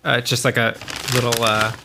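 A man's voice: mid-range voice, little pitch movement, brisk, noisy background. A young man co-hosting a podcast, chatting casually with a dry, joking manner. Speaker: podcast co-host. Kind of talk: casual chat.

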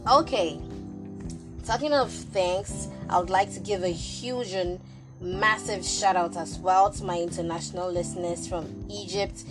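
A woman's voice: on the low side, unhurried. A woman with a Ghanaian accent hosting her podcast, chatty and bubbly with playful asides. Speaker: podcast host. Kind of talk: casual podcast chat. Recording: music playing behind.

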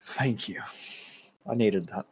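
A man's voice: fairly low pitch, slow, slightly rough. A man co-hosting a podcast, joking and sarcastic as he recaps an episode. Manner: animated, jokey, sarcastic. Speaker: podcast co-host. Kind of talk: casual recap chat.

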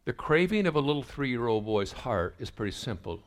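A man's voice: mid-range voice, moderate pace, few pauses. A middle-aged man preaching a sermon, telling family stories and acting out the dialogue along the way. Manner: acts out family dialogue in a lively storytelling way. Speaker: pastor. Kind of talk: sermon storytelling.

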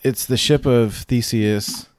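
A male co-host with a medium-pitched voice speaks slowly on a casual show. He talks enthusiastically and rambles, using lots of fillers.

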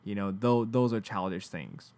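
A man's voice: lowish voice, normal speed, darkish tone. A man in casual podcast chat, telling a story with lots of fillers and restarts. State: in pain from a medical issue. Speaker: podcast co-host.

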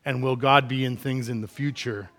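A middle-aged man preaching a sermon, animated, acting out quoted complaints with big swings from quiet to loud. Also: medium pitch, normal speed. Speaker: pastor.

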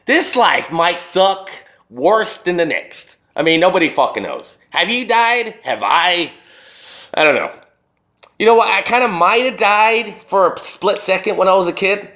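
Young man, profane, rambling monologue, lively up-and-down pitch, slightly high voice, indoors. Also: unhurried. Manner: profane, rambling, swings between loud retelling and low muttering. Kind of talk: casual storytelling monologue to camera. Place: indoors, wall behind him.

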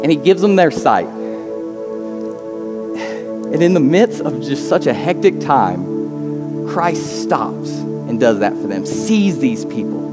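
A man's voice: fairly high pitch, in a large hall. A man preaching a sermon as a pastor, earnest, often repeating words as he starts a phrase. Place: church sanctuary.

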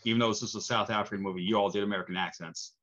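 A lower-voiced man with a New York accent hosts the interview, his tone bright and forceful. He rambles eagerly and restarts his sentences often, and the audio sounds dull and lo-fi. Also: fairly even intonation, racing. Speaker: interview host. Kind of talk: casual interview chat.

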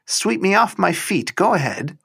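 A man's voice: sits high, animated, normal speed, vocal fry, a bit bright, breathy edge, pitched above the performer's own voice, full character voice. A man reading a cool, sarcastic young woman. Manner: dry, sarcastic, detached.

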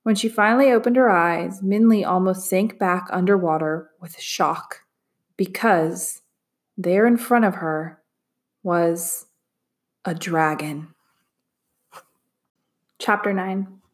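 Female narrator for a children's chapter book, measured and expressive. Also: on the low side. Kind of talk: storybook read-aloud narration.

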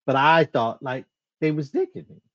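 On a muffled recording, a podcast co-host casually retells a story from childhood, performing the quoted lines with animation and laughing at their own expense. They speak at a moderate pace in a mid-range voice.

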